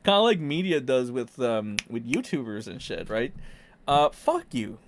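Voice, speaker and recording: A man's voice: mid-range voice, sing-song, moderate pace, background noise. Sarcastic, swearing male commentator. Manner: profane, sarcastic, ranting. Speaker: YouTube commentator. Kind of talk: casual commentary.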